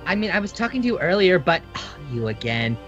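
A woman voicing a scheming female villain singer in dramatic, drawn-out game voiceover. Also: lowish voice, big pitch swings, lo-fi sound, soft background music. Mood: taunting. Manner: dramatic, drawn-out monologue delivery. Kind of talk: hammy voiceover of game dialogue.

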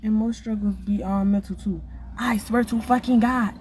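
Vlogger, woman, profane, fiery rant, higher-pitched, faint room hiss. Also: unhurried. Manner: blunt, profane, animated ranting. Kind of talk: casual rant to camera.

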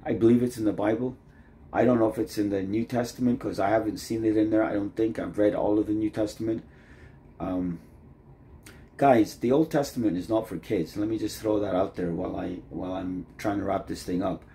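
A man with a lowish, mellow voice rambles through a casual vlog monologue. He strings thoughts together with endless "like"s, and his voice sinks quieter as sentences trail away. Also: fairly quick, slight background noise. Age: adult, married. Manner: rambling, loose, leans on "like" constantly. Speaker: vlogger.

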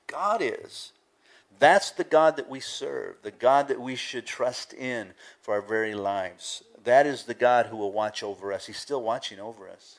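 Male pastor, mid-range voice, conversational sermon delivery with big dynamic swings. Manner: rises loud and high when retelling scenes, drops soft for reflection; conversational, with fillers like "you know" and "right".

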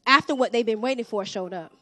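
A young woman with a Southern US accent preaches with animated energy, dropping to hushed asides and then rising to loud calls. Her voice sits high and lively. The sound is close and dry, with no room around it. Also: fast, no echo. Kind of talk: sermon.

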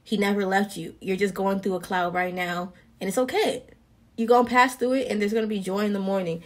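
A young woman talks in a vlog, offering casual, earnest encouragement about faith. She speaks fairly quickly at a medium pitch, with slang and a lively manner.

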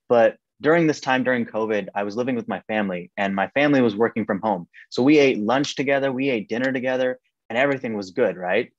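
A young man giving a personal faith testimony as a podcast guest in a casual, animated way, full of "like" and "um". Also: fast, hardly any pauses. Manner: animated, acts out quoted voices with sharp rises in pitch; casual, many "like" and "um" fillers. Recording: dry, slightly dull podcast recording.

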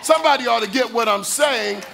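Bright-voiced man preaching a rousing sermon. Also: very high-pitched, a little fast, creaky, soft background music, some chatter behind. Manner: call-and-response preaching, swelling into shouts and sung phrases. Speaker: pastor.

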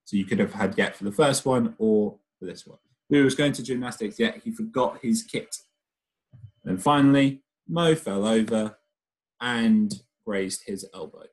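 A man's voice: fairly low pitch, a little slow, low-quality recording. A man, a primary school teacher, talking a young class patiently through a recorded remote lesson, step by step. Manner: reads the story aloud with lively expression.

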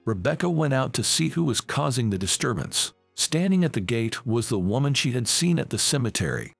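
A man narrating a scripted family story in a measured storytelling manner. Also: mid-range voice, sing-song, vocal fry, breathy edge, no room sound, faint music behind.

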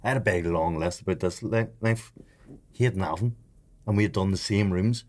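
A man's voice: deep voice, moderate pace. A young man, telling a story as a podcast co-host, with lots of swearing and laughter. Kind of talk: casual chat, storytelling.

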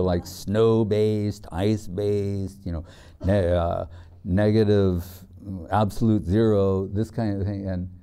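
A man's voice: on the low side, dark tone, smooth. An older man giving a sermon as a spiritual teacher, telling stories and acting out the voices of the people in them, with many "you know"s. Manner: storytelling, frequent "you know", acts out quoted voices. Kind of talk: sermon lecture.

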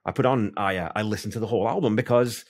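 A man's voice: fairly low pitch, quick pace, a little mellow. A man hosting a podcast interview, chatting casually and thinking aloud with plenty of asides. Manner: rambling, thinks aloud, many "you know" asides. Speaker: podcast host.

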